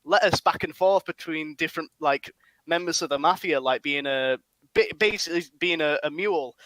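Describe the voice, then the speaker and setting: A man's voice: fairly high pitch, moderate pace, fairly bright tone, no echo. A young man from England, hosting a podcast and rambling through funny anecdotes, laughing often. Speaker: podcast host. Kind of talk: casual chat.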